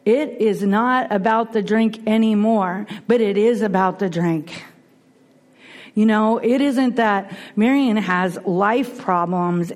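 A middle-aged woman speaking earnestly and animatedly as a speaker at a recovery meeting, with many restarts. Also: mid-range voice. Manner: earnest, animated, frequent restarts and you-knows. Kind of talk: personal testimony talk.

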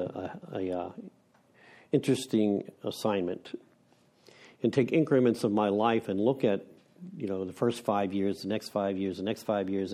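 Middle-aged man, mellow tone, frank rambling recovery-meeting share with wry laughs. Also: lowish voice. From Pennsylvania. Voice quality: rambling, with restarts and self-deprecating laughs. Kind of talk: candid personal share.

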